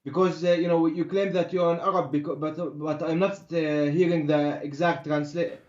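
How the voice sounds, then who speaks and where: A man's voice: a little high, little pitch movement, moderate pace, darkish tone. A man calling into a live debate, hesitant and stammering, with many restarts. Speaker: caller in a debate. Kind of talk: live debate over a call. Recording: echoey, muffled call audio.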